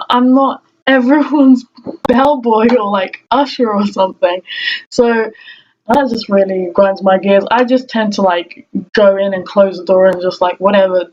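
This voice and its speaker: A woman's voice: a little high, a little mellow. A young woman chatting casually to camera at home about her pet peeves. She laughs often and acts out what other people say. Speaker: vlogger. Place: room at home. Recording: dull lo-fi audio with faint noise.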